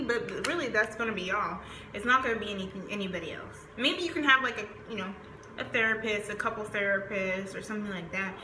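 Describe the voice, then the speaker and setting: A Southern-accented tarot reader gives a chatty, wandering reading full of fillers; her mid-range voice is pushed and bright, a little fast. The space sounds roomy, with faint noise in the background.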